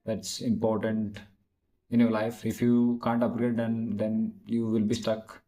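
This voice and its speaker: A man with a mellow, soft-edged voice practices spoken English out loud. He talks haltingly, searches for words and restarts his sentences often as he works through each answer. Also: fairly low pitch, completely flat delivery, rough recording. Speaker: English learner practicing speaking.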